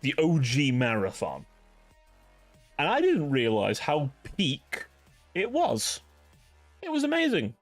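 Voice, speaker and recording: A man's voice: mid-range voice, huge pitch swings, slow, pauses often, faint music behind. A man hosting a livestream, chatting casually with viewers in a rambling, profane way, filling his talk with "like". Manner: rambling, profane, ranting, heavy use of "like". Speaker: livestream host.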